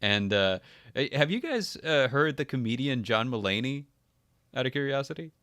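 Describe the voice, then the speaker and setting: A man hosting a podcast, chatting casually and telling stories with laughter and quick impressions. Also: mid-range voice, no room sound, clean studio sound. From Texas. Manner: laughing, animated storytelling with impressions. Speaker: podcast host. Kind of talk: casual chat.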